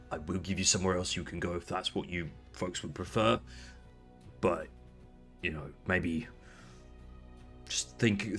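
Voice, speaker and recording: A man voices a traditional male Firbolg smith, speaking quietly in a low voice. His manner is measured and politely firm.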